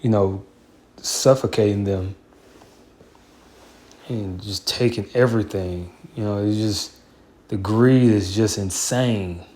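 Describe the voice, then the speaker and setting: A man's voice: fairly low pitch, slow pace, long pauses, darkish tone. A man giving casual Bible commentary, heated and profane, rambling with many fillers like "you know".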